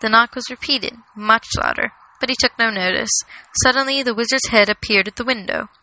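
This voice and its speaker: Bright-voiced woman reading a novel aloud. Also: on the high side, fairly quick, dry recording, low-quality recording. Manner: steady storytelling cadence. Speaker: narrator. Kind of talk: audiobook reading.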